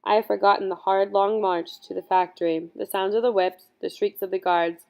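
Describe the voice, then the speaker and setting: A woman reading a first-person audiobook in scripted narration, measured and earnest. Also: medium pitch, steady tone, vocal fry, a little mellow.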